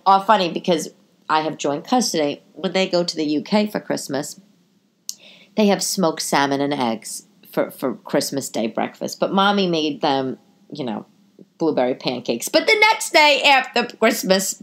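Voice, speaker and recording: A woman in her forties with a stuffy nose, talking casually to her podcast listeners at home as a comedian host, rambling through tangents and self-corrections, her voice jumping up in pitch for emphasis. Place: living room at home.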